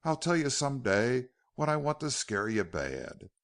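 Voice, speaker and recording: A man's voice: big pitch swings, measured pace. A man playing a bitter outlaw leader. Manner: bitter, low and hard.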